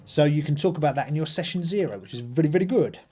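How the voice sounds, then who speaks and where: A man's voice: fairly high pitch, animated, fast talker, a little mellow, slightly rough. Chatty British man hosting a live stream. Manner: chatty, rambling, with many ums and uhs. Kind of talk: casual live-stream chat while painting miniatures.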